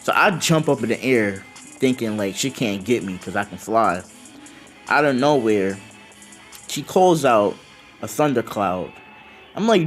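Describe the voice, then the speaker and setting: Over soft background music, a man speaks unhurriedly in a medium pitch, making up a fan-fiction tale in first person. The telling is casual and excited, peppered with swearing and fillers as he performs the characters' lines.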